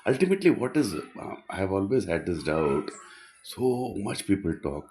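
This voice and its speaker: A man's voice: deep voice, big pitch swings, normal speed, darkish tone. A man giving an earnest, rambling reflective monologue, often restarting his sentences.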